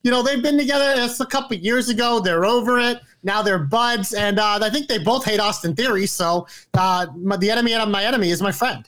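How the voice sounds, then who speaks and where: Man, high voice, rapid talker, excitable, swears a lot, wrestling podcast co-host. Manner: fast, excitable, swears freely. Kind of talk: casual wrestling chat.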